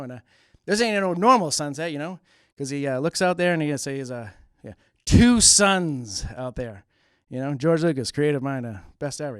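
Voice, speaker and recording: A man doing an impression of a deadpan male comedian, with a slow, halting, drawling delivery full of uhs, in a local cable TV studio. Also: on the high side, no room sound, natural voice.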